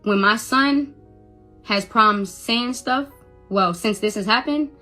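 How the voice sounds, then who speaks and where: A woman's voice: mid-range voice, takes it slowly, sharp tone, faint music behind. A mother in a heated rant defending herself, agitated and repetitive, stumbling over restarts. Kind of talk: heated live-video rant.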